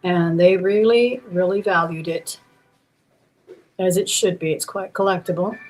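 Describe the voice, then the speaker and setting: This auction host has a lowish, slightly mellow voice with fairly even intonation and a measured pace. She chats her way through a live-stream jewelry sale, describing each piece while handling it, in an indoor room with a roomy echo and faint music in the background.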